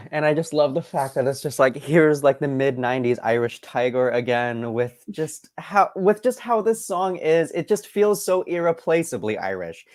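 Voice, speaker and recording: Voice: mid-range voice, animated, normal speed, hardly any pauses, darkish tone. A co-host of a casual chat show, talking expressively with sighs and laughs. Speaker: podcast co-host.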